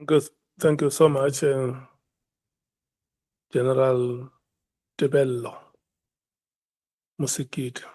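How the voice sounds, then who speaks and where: A man's voice: mid-range voice, little pitch movement, slow pace, long pauses, dark tone, dry recording. A man chairing a parliamentary hearing, hesitant and often repeating words as he restarts. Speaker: committee chair.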